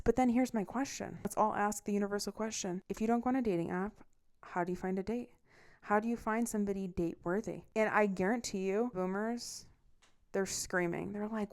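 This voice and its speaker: A young adult woman hosting a solo podcast, talking in a casual, animated way and swearing freely as she rants. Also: mid-range voice, clean tone. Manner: animated, swearing, rant-like storytelling. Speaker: podcast host.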